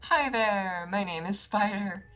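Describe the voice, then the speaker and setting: A woman voicing a friendly, childlike giant talking spider in a video game, with a bright, higher and louder voice than her own. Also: slow pace. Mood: cheerful. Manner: bouncy, cheerful, childlike.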